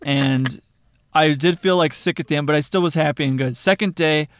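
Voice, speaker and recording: Guy cohosting a podcast, kinda high voice, smooth, joking about himself a lot. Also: normal speed. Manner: chatty, self-deprecating, laughs often. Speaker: podcast co-host. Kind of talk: casual chat. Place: San Diego.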